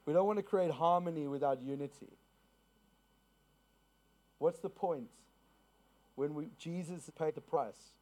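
A man's voice: on the high side, unhurried, pauses often, a little mellow. A man from South Africa preaching a sermon to a congregation, telling a personal story, asking the listeners questions and repeating key phrases. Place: church to a congregation.

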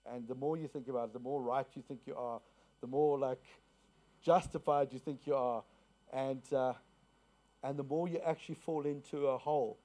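A man's voice: medium pitch, fairly even intonation, moderate pace, dark tone. A man from South Africa preaching a sermon to a congregation, telling a personal story, asking the listeners questions and repeating key phrases. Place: church to a congregation.

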